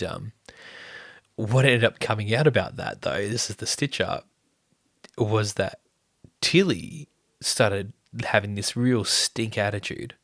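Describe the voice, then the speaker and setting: A man's voice: fairly low pitch, gravelly, fairly bright tone, dry recording, studio quality. A man, a family vlogger who tells a story in a chatty, rambling way full of fillers and restarts. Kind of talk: casual storytelling.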